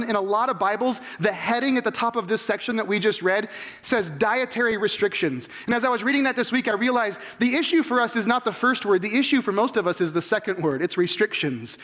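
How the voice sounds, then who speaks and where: High-voiced preaching man. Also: fast, fairly bright tone. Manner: emphatic, rhetorical questions to the congregation. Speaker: pastor. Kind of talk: sermon.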